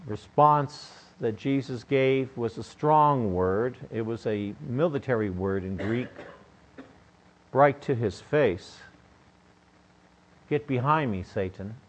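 An older pastor preaches in a conversational, joking manner, often putting questions to his listeners. He takes it slowly in a mid-range voice, captured on a dull lo-fi recording.

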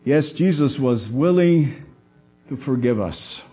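A man preaching a sermon, slow and deliberate, pausing for emphasis and voicing the quoted words of others. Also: mid-range voice, animated, dark tone, husky, soft background music.

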